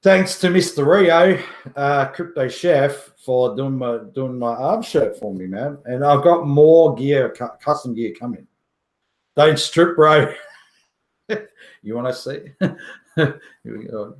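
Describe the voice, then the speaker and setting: A man's voice: mid-range voice, slow, roomy sound. A man hosting a casual livestream who jokes, boasts, swears casually and laughs often. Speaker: livestream host.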